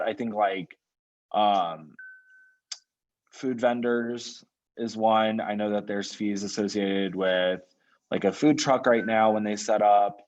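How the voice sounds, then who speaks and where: Man, meeting chair on a video call. Low voice, dull lo-fi sound. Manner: relaxed, conversational, directs speakers by name. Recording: muffled lo-fi call audio.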